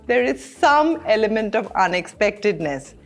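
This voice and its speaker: A woman hosting a scripted explainer, bright and expressive. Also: medium pitch, normal speed, faint music behind. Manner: bright, clear, expressive delivery. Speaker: host.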